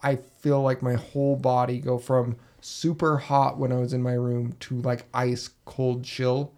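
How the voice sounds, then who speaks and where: A man, a podcast host, telling a story in a casual, animated way and acting out his own reactions with swearing. He is recording in a basement room. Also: mid-range voice, measured pace.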